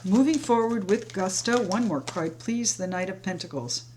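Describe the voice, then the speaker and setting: Woman, tarot reader, mid-pitched voice, flowing and reassuring, faint background hiss. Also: expressive, normal speed, a little mellow. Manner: flowing, reassuring, speaks directly to viewers as friends. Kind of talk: tarot reading monologue. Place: home, sage burning nearby.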